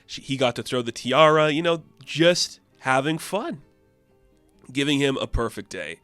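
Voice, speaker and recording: Excited guy recapping a comic, rambly, lots of fillers, dry close sound. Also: mid-range voice, measured pace, no echo, faint music behind. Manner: enthusiastic, rambling, many fillers. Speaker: comic book reviewer.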